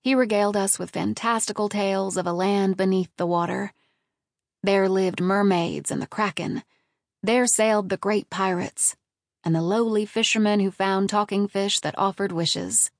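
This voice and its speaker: Woman, audiobook narration, measured even delivery, medium pitch, dry recording. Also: creaky, no room sound. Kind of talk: scripted narration.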